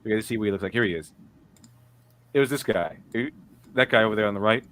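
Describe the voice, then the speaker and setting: A man's voice: on the low side, fast, fairly bright tone. A man hosting a casual commentary chat, rambling with restarts and a mocking tone. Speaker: podcast host.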